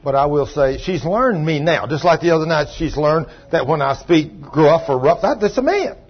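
An older man preaching a sermon in a folksy way, husky, swinging from soft asides to loud calls. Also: a little high, animated, moderate pace. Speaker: pastor. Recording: dull lo-fi sound.

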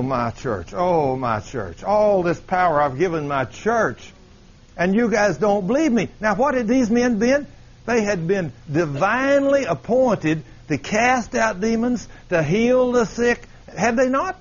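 Brief: preacher, animated pitch swings, husky tone, lo-fi sound. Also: male voice. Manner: animated, questioning the congregation. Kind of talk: sermon.

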